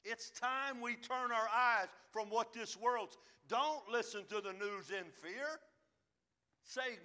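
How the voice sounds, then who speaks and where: A man preaching a sermon, swinging between loud emphatic peaks and low, quiet asides. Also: unhurried. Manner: fervent, rising to loud emphatic peaks then dropping low.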